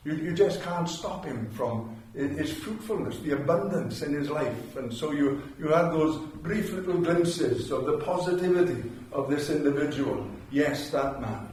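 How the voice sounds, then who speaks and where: Older man, Welsh accent, sermon, fairly high voice, heavy chapel echo, distant mic. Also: lively intonation, normal speed, few pauses, a little mellow, a little hiss or hum. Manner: storytelling, repeats phrases for emphasis. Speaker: preacher. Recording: very echoey chapel, mic far off.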